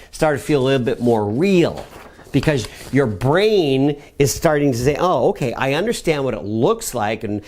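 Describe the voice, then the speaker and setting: A middle-aged man leads a motivational personal growth lesson for a web show. His voice sits a little high and swings widely in pitch. He coaches with energetic, repeated commands. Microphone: camera mic.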